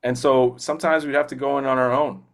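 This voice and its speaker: A man's voice: medium pitch, steady tone, fast talker, creaky. A young man, a voice actor as a guest, chatting enthusiastically and rambling with lots of fillers. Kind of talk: casual interview chat.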